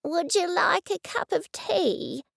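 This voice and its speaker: A woman voicing a vague, rambling elderly man in his eighties in a storybook reading, speaking slowly and softly. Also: extremely high pitch, expressive, gravelly, no room sound, studio quality, voice pushed up, heavily acted. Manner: slow, soft, rambling.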